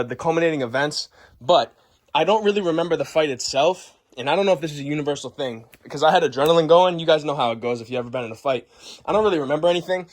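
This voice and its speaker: A young man who talks very fast and sits a bit higher in pitch than most men. He tells his story boisterously, swearing constantly and acting out every move. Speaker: vlogger. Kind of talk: profane comic storytelling.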